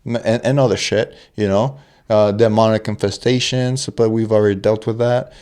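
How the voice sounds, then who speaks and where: A young man with a slightly low voice hosts a relaxed podcast conversation. He rambles and jokes, swears freely and often restarts his sentences. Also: normal speed, smooth. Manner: rambling, profane, jokey, with restarts. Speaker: podcast host. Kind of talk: casual chat.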